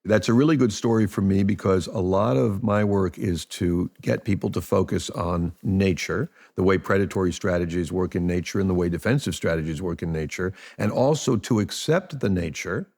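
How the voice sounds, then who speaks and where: A male author interviews his guest and explains his ideas in a calm, measured way. His voice is low with a gravelly texture. He speaks reflectively.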